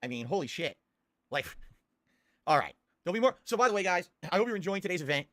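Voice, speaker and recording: A man hosting a live stream, reacting to old ads in crude, excitable casual commentary full of swearing. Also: high voice, quick pace, no echo. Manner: crude, swearing, excitable, bursts into loud laughter.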